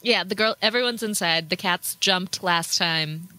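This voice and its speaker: A woman's voice: lowish voice, unhurried, bright, forceful tone, no echo. A woman talking through a story point in casual podcast chat, earnest and thoughtful.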